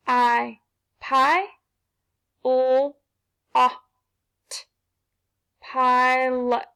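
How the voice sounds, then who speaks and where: A patient woman teacher guides young children through phonics, tapping out each sound before blending it into a word. Her voice sits high, with a gravelly edge to it, and she takes her time. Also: a bit bright. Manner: slow, patient, sounding out syllables.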